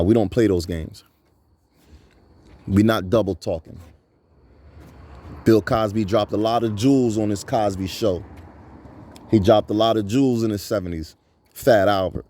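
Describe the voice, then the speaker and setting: A man in his thirties with a lowish, mellow voice delivers a preaching monologue to his audience. He talks emphatically and leans on repetition, piling up phrases like a rally speaker. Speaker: channel host.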